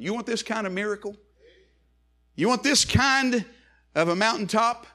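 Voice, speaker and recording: Bright high-voiced preacher. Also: male voice, expressive, normal speed. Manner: preaching with wide swings from hushed to ringing. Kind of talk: sermon.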